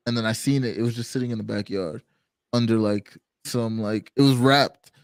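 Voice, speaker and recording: A man's voice: on the low side, steady tone, normal speed, dry recording, studio quality. A man guesting on a live stream, telling stories in a loose, rambling way full of fillers. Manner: rambling, filler-heavy storytelling. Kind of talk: casual live-stream chat.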